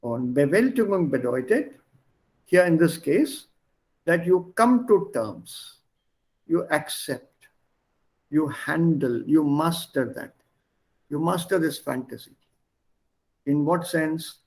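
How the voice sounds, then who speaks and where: Slow-speaking man teaching a language class. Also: on the high side, animated, darkish tone. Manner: slow, explains word by word, switches between languages. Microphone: video call.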